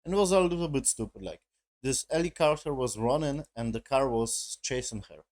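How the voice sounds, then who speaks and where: A man talking through a show review in a loose, rambling way. He swears constantly and his sentences often break apart in broken grammar. His voice sits in an ordinary middle pitch. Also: animated, fairly quick, darkish tone. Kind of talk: casual spoken review.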